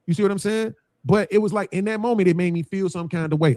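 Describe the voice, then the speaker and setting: A man's voice: sits high, fast, darkish tone, no echo. A man who runs a panel show, talking bluntly with heavy swearing and acting out what people said. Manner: blunt, profane, acts out quotes. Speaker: panel host. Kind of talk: casual panel talk.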